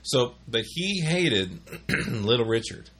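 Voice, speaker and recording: A man's voice: mid-range voice, sing-song, slow pace, fairly bright tone, breathy edge. Chatty male podcast host. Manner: chatty storyteller who mimics voices. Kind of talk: casual chat.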